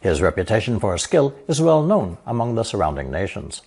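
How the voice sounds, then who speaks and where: A man narrating a scripted language lesson, explaining characters slowly and reading example sentences. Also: on the low side, very animated, vocal fry, a little mellow, husky. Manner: slow, measured explanations with example sentences read aloud. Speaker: language teacher.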